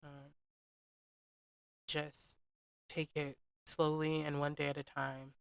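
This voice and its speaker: A woman's voice: low voice, level tone, slow, creaky, clear, resonant tone, no echo. A woman in her thirties hosting a personal reflective monologue, talking candidly and emotionally, with many fillers and restarts. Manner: emotional, vulnerable. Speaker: host.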